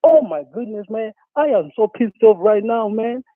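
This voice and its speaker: A man's voice: high voice, animated, moderate pace, dry recording. Fired-up man ranting down a phone line. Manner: profane, repetitive, worked-up. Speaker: caller. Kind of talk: angry phone-in rant.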